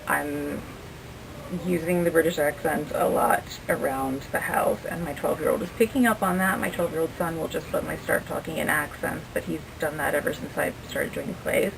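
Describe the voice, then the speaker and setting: A middle-aged woman with a low, gravelly voice talks casually in a backstage interview. She is chatty and self-deprecating. She stands a little away from the mic, with faint noise behind her. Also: recorded from a distance, poor audio. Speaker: actress interviewed about her role. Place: theater backstage area.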